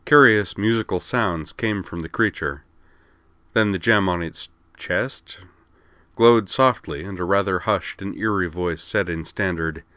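A man reading a story aloud with steady, expressive narration. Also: low-pitched, dry recording.

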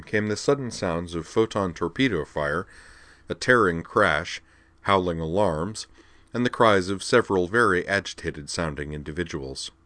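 A man reading a story aloud in an even, measured way. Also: low-pitched, dry recording. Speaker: narrator. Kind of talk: audiobook narration.

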